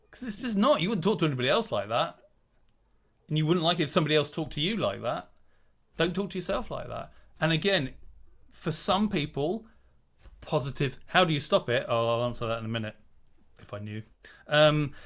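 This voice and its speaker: A man's voice: on the high side, a bit bright. A man speaking as a guest on a video call, chatty and digressive, acting out quoted inner voices. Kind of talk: casual talk on a video call.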